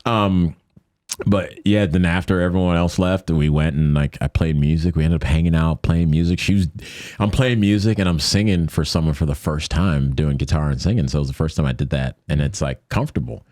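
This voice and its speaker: A very deep-voiced man tells a personal story as a podcast guest, speaking fairly quickly in a loose, rambling way with frequent restarts. He jumps up in pitch to act out the people he quotes, and the recording is dry and close with no room sound.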